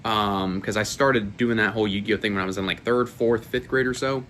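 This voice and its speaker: Young guy in his twenties, lowish voice, rambling and profane storyteller, faint room noise behind. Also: steady tone, brisk, fairly bright tone. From Florida, USA. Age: 20s. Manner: profane, rambling, laughs at own stories. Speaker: YouTuber. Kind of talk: casual storytelling to camera.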